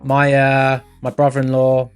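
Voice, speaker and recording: A man's voice: mid-range voice, monotone, a little slow. A man from England hosting a live stream, chatting casually and reading out viewer comments with lots of fillers. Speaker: livestream host. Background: faint background music.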